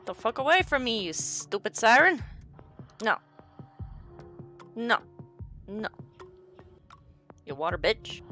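A woman doing let's play commentary on a game, excitable, swearing, shrieking and laughing as she plays. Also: a little high, unhurried, long pauses, soft background music. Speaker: gaming video creator.

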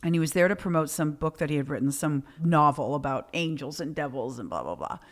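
A middle-aged woman hosts a casual chat, with a somewhat low voice for a woman. She tells stories with swearing and acts out what people said. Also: quick pace. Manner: profane, animated storytelling with quoted dialogue. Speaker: podcast host.

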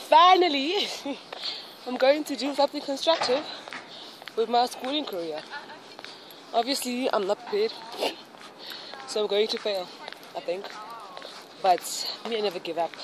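A woman's voice: fairly high pitch, expressive, measured pace, long pauses, background noise. Chatty young South African woman vlogger. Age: young adult. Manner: chatty, dramatic, self-mocking. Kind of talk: casual vlog chat.

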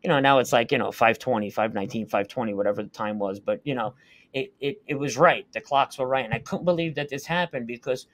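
A man appearing as a talk show guest earnestly recounts a UFO sighting in casual, vivid first-person detail. He talks fast at a medium pitch.

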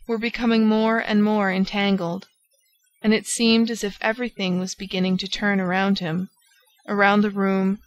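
A woman narrating a classic novel as an audiobook in a steady, even manner. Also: mid-range voice, low-quality recording. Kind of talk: scripted narration.

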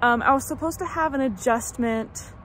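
Chatty woman with a slightly high voice. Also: normal speed, a bit bright, slight background noise. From United States. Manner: chatty, rambling, many fillers and restarts. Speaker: vlogger. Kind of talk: casual vlog update. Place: home in summer, traffic passing outside.

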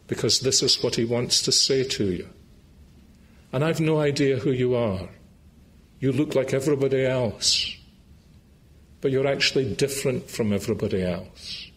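A man's voice: mid-range voice, fairly bright tone. A man with a Scottish accent preaching a sermon in a church meeting, making earnest, pleading appeals to his listeners and closing in prayer.

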